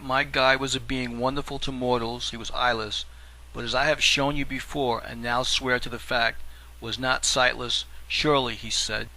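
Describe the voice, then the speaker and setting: A man voicing an aged, scholarly guide who speaks softly and courteously in an audiobook. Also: medium pitch, low-quality recording. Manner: soft, measured, polished. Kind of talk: audiobook reading.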